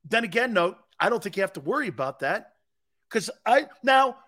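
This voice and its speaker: A man's voice: high voice, normal speed. A middle-aged man hosting a sports talk show, arguing his takes in an emphatic, opinionated way with little chuckles. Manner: animated, emphatic, argumentative with chuckles.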